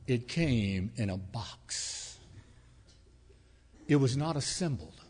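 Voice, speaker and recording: A man preaching in a church, telling homespun stories with gentle humor. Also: medium pitch, animated, slow pace, husky, long reverb tail. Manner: folksy storytelling with humor. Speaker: pastor. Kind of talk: sermon. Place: church sanctuary.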